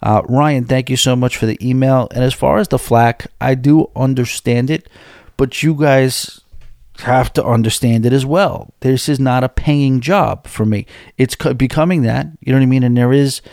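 A man's voice: mid-range voice, moderate pace, vocal fry, a little mellow, no echo, studio quality. A man hosting a podcast in casual chat, candid and rambling, reading out listener emails and answering them. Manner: candid, rambling, restarts mid-sentence. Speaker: podcast host.

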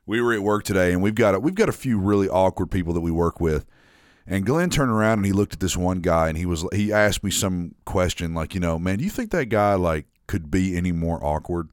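A man's voice: low-pitched, lively intonation, a little fast, no echo, studio quality. A man with a slight Southern American drawl telling stories in casual podcast chat, rambling with restarts. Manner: rambling storyteller, many restarts.

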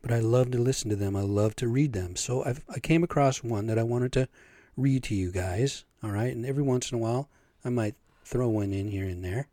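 Mellow-voiced man telling stories. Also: mid-range voice, a little fast, no room sound, clean studio sound. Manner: chatty, checking in with listeners. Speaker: storyteller and vlogger. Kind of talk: casual storytelling and ranting.

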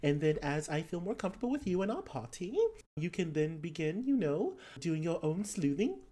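An animated tabletop player takes charge of the scene and slips in and out of character. The voice sits at a middling pitch and stays lively and commanding. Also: moderate pace, slightly rough. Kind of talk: tabletop game play.

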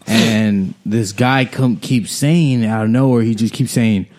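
A young man from Watsonville, California, casually telling a profane, animated story about a party fight, often laughing. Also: medium pitch, unhurried.

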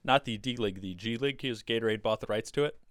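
A man's voice: lowish voice, fairly bright tone, no echo, studio quality. A man hosting a casual podcast chat, rambling and easygoing, with a co-host calling in by phone. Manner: rambling, easygoing, quick to laugh. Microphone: computer mic, with a co-host on a phone call.

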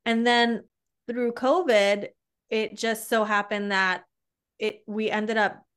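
A woman's voice: a little high, steady tone, slow pace, fairly bright tone, clean tone. A woman guest in a casual chat, telling stories and laughing easily.

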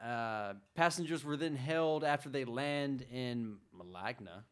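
A man's voice: mid-range voice, measured pace, clean tone. A man co-hosting a casual podcast, telling a story in a rambling way with lots of uhs and laughs. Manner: laughs often, rambling, says uh a lot. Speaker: podcast co-host.

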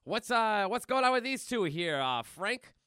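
A man voicing a blustering, gruff male city police officer in a comic read-aloud. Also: sits high, sing-song, measured pace, pushed and bright, dry recording, studio quality, voice pushed up, heavily acted.

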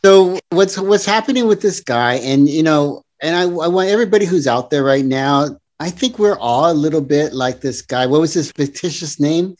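A man's voice: a little high, moderate pace, few pauses, darkish tone. A man in his fifties co-hosting a dating podcast, earnest and encouraging with a playful, joking side. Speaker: podcast co-host. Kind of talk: casual chat.

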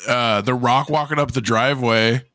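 A man's voice: mid-range voice, fairly even intonation, moderate pace, a bit bright, no room sound. A man co-hosting a casual movie podcast, blunt and emphatic, swearing freely. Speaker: podcast co-host.

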